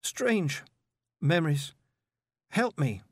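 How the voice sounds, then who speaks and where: A man reading aloud, voicing a frightened, shaky young girl who talks in halting scraps. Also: on the high side, big pitch swings, slightly rough, no echo, clean studio sound, voice pushed up, heavily acted. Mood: shaken.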